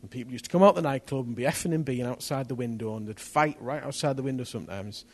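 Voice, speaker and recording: Speaking quickly at a medium pitch, a man delivers his testimony from the pulpit. His storytelling is lively, and at the dramatic peaks his voice swells almost to a shout.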